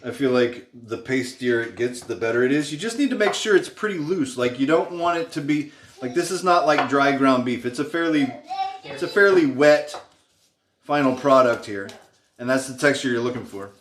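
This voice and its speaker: A man cooking at home, explaining his recipe at length in a loud, casual way. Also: medium pitch, expressive, normal speed, slight background noise. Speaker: home cook leading a cooking stream. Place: home kitchen. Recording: echoey room with music behind. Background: music and kitchen clatter.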